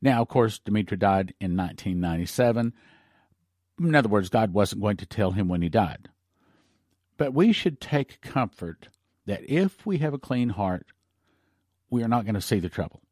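A man's voice: lowish voice, lively intonation, moderate pace, pauses often, a little mellow, dry recording, studio quality. A male pastor on a ministry broadcast who reads a story aloud in an earnest way and then comments on it.

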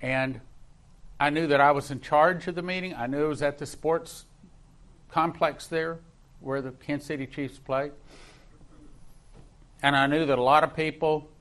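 A man's voice: fairly high pitch, steady tone, moderate pace, pauses often, fairly bright tone. A man preaching as a pastor, telling a personal story with emphatic, repeated phrases. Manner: emphatic, rising in intensity, repeats words for stress.

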